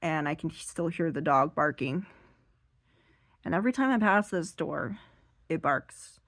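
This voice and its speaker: A woman telling a rambling, self-deprecating stand-up story while seated, now and then bursting into loud high acted voices, her voice a little strained. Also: animated, a little slow, no echo. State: strained voice from being too loud. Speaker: stand-up comedian.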